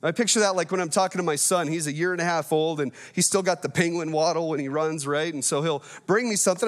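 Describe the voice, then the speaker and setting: A man's voice: fairly high pitch, quick pace, hardly any pauses. A man in his thirties preaching a sermon in a conversational, playful way, telling the story with animation. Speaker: pastor.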